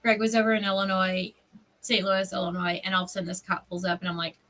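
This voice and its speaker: A woman hosts a casual craft stream. She tells stories in an animated way and laughs often. Her voice is bright and sharp, at a middle pitch. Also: quick pace, far from the mic, poor audio. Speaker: craft livestream host. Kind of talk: casual chat while crafting.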